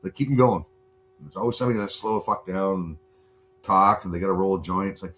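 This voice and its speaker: A man hosting a casual livestream from home, rambling and swearing a lot in relaxed chat. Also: sits low, fast, slight background noise. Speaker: livestream host.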